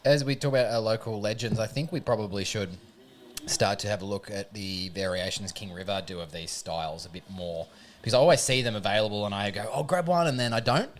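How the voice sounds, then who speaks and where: A man co-hosting a casual beer podcast, chatting in a quick, jokey way. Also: lowish voice. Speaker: podcast co-host. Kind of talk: casual beer-tasting chat.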